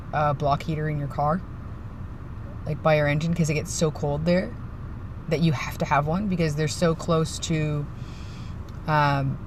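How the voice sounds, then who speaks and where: A vlogger from the East Coast of Canada, chatting casually in a parked car while cold and tired, wandering between chatty remarks and hushed mumbled asides. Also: mid-range voice, noisy background. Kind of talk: casual vlog chat. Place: inside a parked car in winter.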